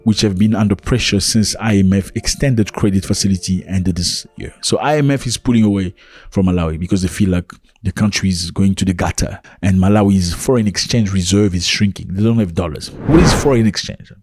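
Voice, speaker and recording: Animated male news commentator. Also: deep voice, fairly quick, breathy edge. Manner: animated, rhetorical questions, explains to viewers.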